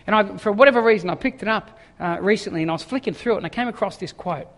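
A man preaching a sermon, telling a story with animated quoted voices. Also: high voice, racing. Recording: long echoing hall reverb.

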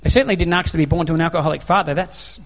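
Australian man, preacher, earnest storytelling sermon, higher-pitched voice, long hall reverb. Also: rapid-fire, a bit bright. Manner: earnest, conversational, acts out dialogue.

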